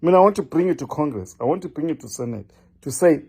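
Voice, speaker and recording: An older man lectures and scolds in an impassioned political monologue. His voice is gravelly and husky, with a dark, mellow tone, and his pitch swings widely as he presses his points. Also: animated, fast. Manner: scolding, lecturing, repeats a name for emphasis. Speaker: political commentator. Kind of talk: impassioned direct-address monologue.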